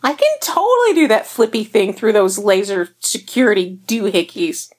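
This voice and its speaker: A woman's voice: medium pitch, expressive, normal speed, close to an everyday voice. A woman reading a fan story aloud and voicing a playful, flippant young woman who teases everyone. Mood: playful teasing. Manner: teasing, flippant, bubbly. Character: young woman, sassy and playful office worker. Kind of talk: fan fiction audiobook reading.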